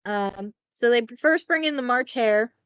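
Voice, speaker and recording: A podcast host recaps a film casually, chatting and rambling with fillers, self-corrections and some swearing. Her voice is a little high, a little slow and a bit bright, with a clear, resonant tone; there's no room sound, though the highs are cut off.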